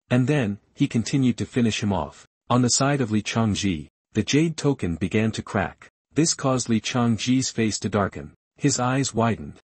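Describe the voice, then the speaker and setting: A man narrating a comic recap in a steady, scripted storytelling manner. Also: medium pitch, normal speed, hardly any pauses, husky, dry recording.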